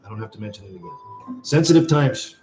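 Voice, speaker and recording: A man with a lowish voice hosts a casual live stream, wandering through stories and cursing as he goes. His voice rings around a roomy, echoey space, with faint music playing underneath. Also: animated, fairly quick, a little mellow. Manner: rambling, swears freely, storytelling. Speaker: livestream host.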